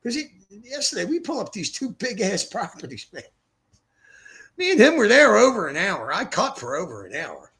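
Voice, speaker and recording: Chatting into his streaming mic, this older livestream host from Philadelphia rambles bluntly and curses freely. He sits high in pitch with huge swings, a fairly bright tone, and a normal speaking speed.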